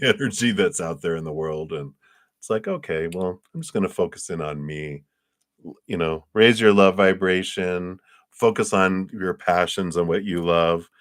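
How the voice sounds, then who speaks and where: A man's voice: low-pitched, fairly bright tone. A man giving a casual, upbeat and reassuring tarot reading on a livestream, a little drowsy and yawning. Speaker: tarot reader.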